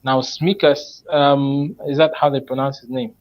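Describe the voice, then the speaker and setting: A man on a panel presents his fantasy football team in a relaxed online chat, thinking aloud and explaining his picks step by step with frequent pauses. His voice is medium in pitch, and the recording sounds slightly dull and lo-fi.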